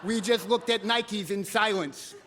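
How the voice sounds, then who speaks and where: Animated high-voiced male storyteller. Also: measured pace, background noise. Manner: animated, comic. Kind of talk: live storytelling.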